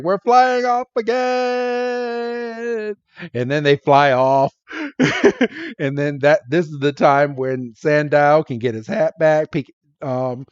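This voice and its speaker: A man co-hosting a podcast, recapping a cartoon episode with lots of laughter and excited, yelled character quotes. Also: medium pitch, no room sound, lo-fi sound. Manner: animated, laughs often, jumps into excited character voices. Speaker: podcast co-host. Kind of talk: casual episode recap chat.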